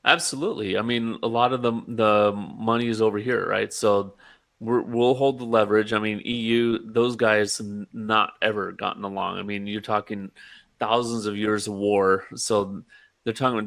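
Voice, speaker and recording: A man co-hosts a casual political podcast in a low voice with heavy fry. He speaks in a measured way, softening his points and checking for agreement. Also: steady tone. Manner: measured, hedging with "I mean" and "right?". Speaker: podcast co-host.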